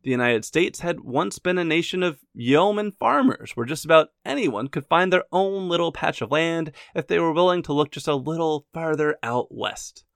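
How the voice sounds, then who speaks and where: A man's voice: fairly high pitch, expressive, normal speed, vocal fry, few pauses, dry recording, clean studio sound. A man narrating history in a scripted but conversational way, adding his own opinions and wry asides. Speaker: history podcast host.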